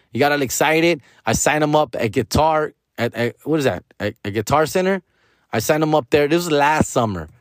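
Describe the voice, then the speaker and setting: A man's voice: on the high side, no echo, clean studio sound. A man, telling stories in a casual, profane way, tossing in "fool", "dog" and Spanish slang. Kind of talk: casual storytelling chat.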